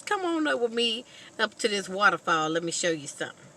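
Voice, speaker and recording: A woman voicing a father who calmly coaxes and explains things to his frightened son. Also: mid-range voice, brisk, a little hiss or hum, pitched above the performer's own voice. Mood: reassuring. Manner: coaxing, explaining. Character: calm reassuring father teaching his son.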